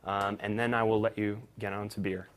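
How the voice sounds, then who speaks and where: A man's voice: fairly low pitch, flat delivery, brisk. A young man, giving a conference talk about his startup in a self-deprecating way, full of ums and restarts. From Texas. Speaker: startup presenter.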